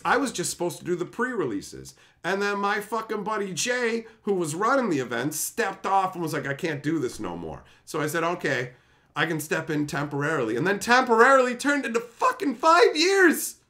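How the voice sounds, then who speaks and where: Profane, animated streamer guy. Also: high-pitched, moderate pace. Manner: profane, ranting, animated, laughs often. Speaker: streamer hosting a live stream. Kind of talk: casual storytelling on a live stream.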